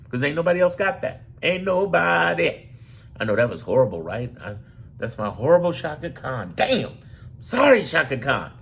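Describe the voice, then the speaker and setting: A man's voice: medium pitch, a bit bright. A man giving emphatic, profane political talk straight to his audience, as a commentator and host. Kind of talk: direct-to-camera political talk.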